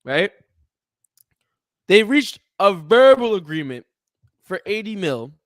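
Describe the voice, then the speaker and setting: A man's voice: high-pitched, slow, no room sound, clean studio sound. A man co-hosting a podcast, chatting casually and animatedly about sports, with lots of fillers and jokes. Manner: animated, jokey, hesitant with fillers. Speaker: podcast co-host.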